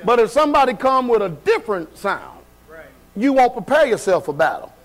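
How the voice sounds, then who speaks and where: A man's voice: very high-pitched, sing-song, brisk. A male pastor preaching a sermon in a church, folksy and colloquial, often asking the congregation questions. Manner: call-and-response preaching, asks the congregation questions. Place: church sanctuary.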